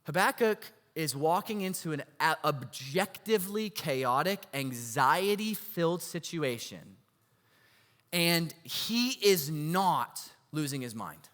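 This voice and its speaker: A man pastor preaching a sermon in an animated, storytelling way, often asking the congregation rhetorical questions. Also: fairly high pitch, slow pace. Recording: long hall reverb.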